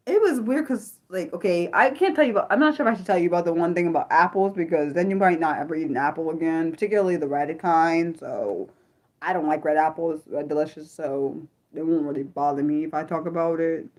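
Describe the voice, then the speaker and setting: A young woman hosting an unscripted livestream, chatting to her viewers with animated restarts and repeated exclamations, easily spooked. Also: deep voice, brisk. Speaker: livestream host. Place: her room.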